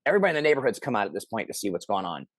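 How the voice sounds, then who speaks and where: A man's voice: fairly low pitch, rapid-fire, no room sound. Man telling a story, dry close sound. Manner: animated, acts out quoted lines loudly. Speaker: interview guest. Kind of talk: casual storytelling.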